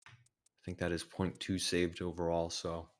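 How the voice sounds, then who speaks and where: Low-voiced man calling a speedrun. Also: monotone, unhurried. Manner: analytical, reads out times and explains moves. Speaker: tournament commentator. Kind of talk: casual live commentary.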